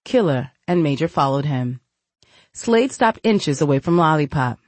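Low-voiced woman narrating an audiobook. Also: animated, normal speed, no echo. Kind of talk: scripted narration.

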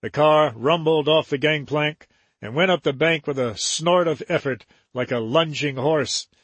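A man reads a novel aloud in a measured, steady voice. His tone is husky, a little higher than most men's, and recorded dry and close with no room around it. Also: no echo. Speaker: narrator. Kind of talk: audiobook narration.

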